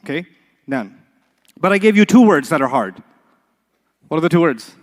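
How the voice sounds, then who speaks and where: A man's voice: on the high side, very animated, moderate pace, in a large hall. A man teaching an Arabic class, quizzing the students with call-and-response questions and playful examples. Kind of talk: classroom lecture.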